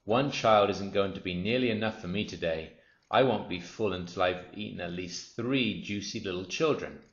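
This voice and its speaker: A man's voice: sits low, moderate pace. A man voicing a greedy, boastful crocodile in a storybook reading, savoring every nasty word. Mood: gloating. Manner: sly, boastful, relishing. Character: gloating greedy male crocodile. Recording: roomy, dull lo-fi.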